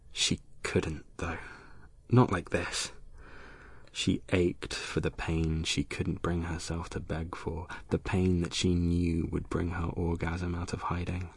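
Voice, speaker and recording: Slow gravelly male narrator. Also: deep voice, no room sound. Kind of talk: audiobook narration of erotic fiction.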